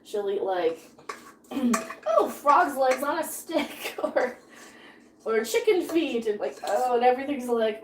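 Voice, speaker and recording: A woman's voice: high-pitched, lively intonation, a little slow, background noise. A woman in her thirties chatting casually while cooking on a live stream, rambling and laughing often as she reads chat.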